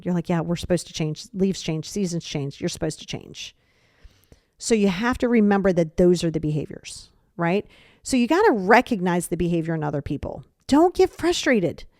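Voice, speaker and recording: A woman talks through her podcast in a casual, animated way. She is openly sarcastic and slips into quick impressions of other people. Her voice sits at an ordinary middle pitch, and the recording is dry and close. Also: dry recording. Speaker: podcast host. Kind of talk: casual advice talk.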